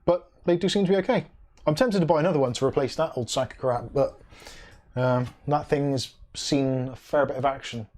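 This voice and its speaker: Male streamer, mid-pitched, casual and chatty, reads chat and hums between comments. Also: fairly quick, darkish tone. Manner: reads viewer comments aloud, then reacts with dry asides. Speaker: livestream host reading viewer chat.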